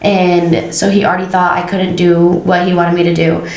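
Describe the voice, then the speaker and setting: A woman's voice: fairly low pitch, moderate pace, roomy sound, poor audio. A young woman, a hairstylist and podcast co-host, telling stories in casual chat and acting out the people in them. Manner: animated, acts out quoted dialogue, laughs often.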